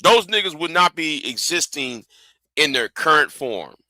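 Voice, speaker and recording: A man's voice: on the high side, very animated, measured pace, bright, forceful tone, dry recording. A man hosting a livestream, ranting angrily and profanely, often repeating himself and stumbling over words. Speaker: livestream host. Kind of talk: heated livestream rant.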